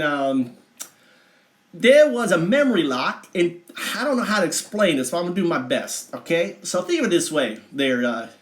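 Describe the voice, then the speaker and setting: A man telling a mythic story on a livestream, meandering and halting with many asides. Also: fairly high pitch, fairly bright tone. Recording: echoey room.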